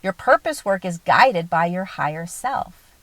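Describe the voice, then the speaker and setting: A woman's voice: lowish voice, expressive, unhurried, a bit bright, no room sound, rough recording. A woman giving a spiritual talk as a teacher, earnest and often checking in with the listener.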